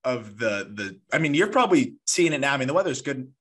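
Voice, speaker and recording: A man's voice: medium pitch, very animated, fairly quick, fairly bright tone, slightly rough. A man hosting a podcast, chatting casually, laughing easily and quizzing his guest. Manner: laughs easily, asks quiz questions. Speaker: podcast host.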